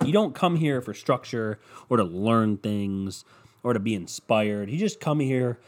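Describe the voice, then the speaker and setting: A man's voice: on the low side, expressive, a little slow. A man hosting a casual solo podcast, rambling and cursing with self-mocking humor, a bit congested from a cold. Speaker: podcast host.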